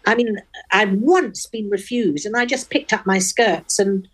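An older Englishwoman with a posh Oxford accent, a guest in a radio interview, speaking frankly and wittily with crisp diction. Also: medium pitch, unhurried. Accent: upper-class English (Oxford). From England.

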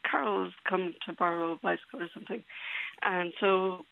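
A woman writer telling a lively anecdote in a radio interview, acting out the dialogue. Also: on the low side, moderate pace, creaky. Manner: lively storyteller, acts out the dialogue. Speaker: guest writer. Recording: tinny phone-like line.

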